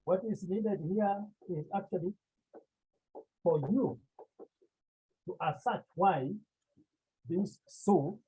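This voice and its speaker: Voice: mid-range voice, slow pace, long pauses, warm tone, slightly rough, rough recording. A Greek teacher from Cameroon, lecturing a class, repeating key words and asking the students rhetorical questions.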